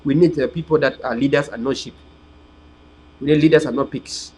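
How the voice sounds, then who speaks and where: A man's voice: medium pitch, fairly even intonation, a little fast, a little mellow, low-quality recording. A man, hosting an online political channel in a rambling, preachy, emphatic livestream monologue to his viewers.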